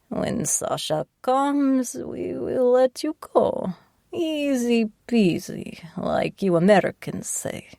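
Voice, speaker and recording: A woman voicing a menacing old Russian crime boss, with a thick Russian accent, drawling slowly and condescendingly in an audiobook. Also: mid-range voice, gravelly, darkish tone, dry recording, studio quality, voice pushed up, full character voice. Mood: mocking.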